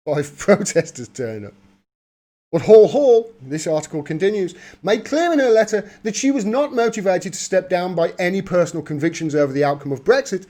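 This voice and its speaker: A man's voice: high voice, darkish tone. A man reading news articles aloud and breaking off into sarcastic, laughing commentary, as the host of a political livestream. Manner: mocking, laughs often, reads then riffs.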